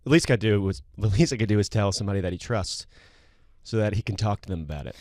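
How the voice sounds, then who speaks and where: A man's voice: on the low side, fast, a little mellow, no room sound, clean studio sound, lightly acted. A man reading the part of a smitten young woman from a dating show in a comic table read, using his own plain voice. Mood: breezy.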